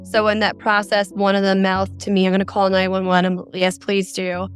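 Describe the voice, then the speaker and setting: A woman's voice: medium pitch, completely flat delivery, moderate pace, faint music behind. A middle-aged woman from Arizona, a mother of four, earnestly recounting a frightening experience as a guest on a podcast. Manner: earnest, detailed storytelling.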